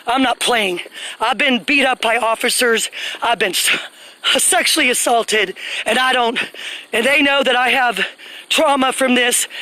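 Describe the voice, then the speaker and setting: A woman's voice: a little high, pushed and bright, rough recording. A woman, ranting angrily to viewers on a phone livestream outdoors, speaking in an indignant, emphatic way.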